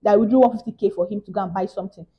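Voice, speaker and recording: A young woman with a Nigerian English accent tells a story to her viewers in a casual vlog, swinging between loud exclamations and hushed asides. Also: medium pitch, racing, muffled recording. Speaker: vlogger.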